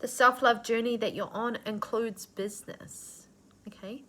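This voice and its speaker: A woman's voice: a little high, fairly even intonation, measured pace, fairly bright tone. A woman giving a channeled spiritual reading, earnest and nurturing, with casual swearing mixed into her affirmations. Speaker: intuitive reader.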